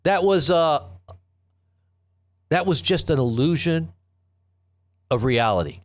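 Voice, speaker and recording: A man's voice: fairly high pitch, animated, slow. Sarcastic rambling male news commentator. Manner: sarcastic, rambling, reads quotes aloud with mocking emphasis. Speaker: host of an online news commentary show. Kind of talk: live commentary.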